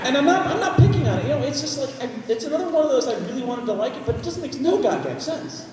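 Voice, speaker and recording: A man's voice: very high voice, fast, music in the background. Ranting man in an echoey hall. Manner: animated, ranting, profane. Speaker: convention panel host. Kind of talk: live convention Q&A. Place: large convention hall. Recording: echoey hall, distant mic, audience.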